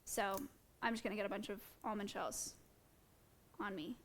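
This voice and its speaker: A woman's voice: mid-range voice, steady tone, normal speed. A woman hosting a live stream, chatting casually and directly with her viewers while she works with an animal. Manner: chatty, addresses her chat directly, light laughs. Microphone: wearing headphones at a streaming setup.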